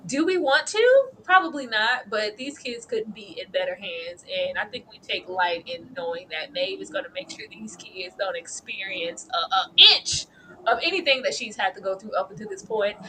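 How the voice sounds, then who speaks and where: A woman co-hosting a casual TV episode review, expressive and slangy, laughing as she talks to her chat. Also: mid-range voice, normal speed, a little hiss or hum.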